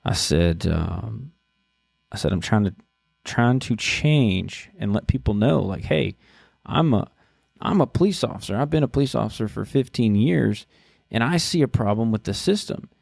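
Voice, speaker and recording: A low-pitched man in his thirties tells a story on his podcast in a relaxed, halting way, full of restarts and fillers. His voice has a gravelly edge, and the recording is dry and close. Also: no room sound. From Texas. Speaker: podcast host. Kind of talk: casual storytelling monologue.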